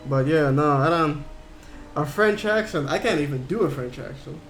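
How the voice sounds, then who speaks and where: A man's voice: a little high, animated, moderate pace, a bit bright, soft background music. A man livestreaming a game, chatting casually and rambling as he thinks aloud while reading chat. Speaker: game streamer.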